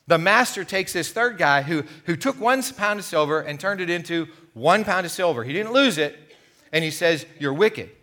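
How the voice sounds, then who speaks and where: Middle-aged male pastor, slightly high and bright tone, animated sermon storyteller. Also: moderate pace. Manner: animated storytelling, acting out the parable's voices. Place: church sanctuary.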